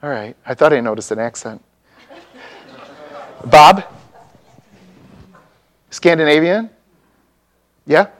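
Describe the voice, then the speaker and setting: Conversational male pastor, slightly high voice. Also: lively intonation, slow pace, long pauses, fairly bright tone. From mixed Dutch and Czech heritage. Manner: conversational, asks the congregation questions. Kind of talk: sermon.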